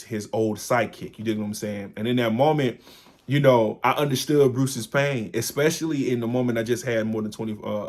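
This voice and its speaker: Earnest man hosting a candid talk. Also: on the low side. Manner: earnest and confiding, loose storytelling with frequent asides to listeners. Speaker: podcast host.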